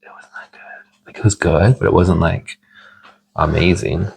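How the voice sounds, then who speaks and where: Man, co-host of a cooking vlog, relaxed banter, deep rough tone. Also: moderate pace, slight background noise. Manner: laid-back, joking banter. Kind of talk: casual chat while cooking.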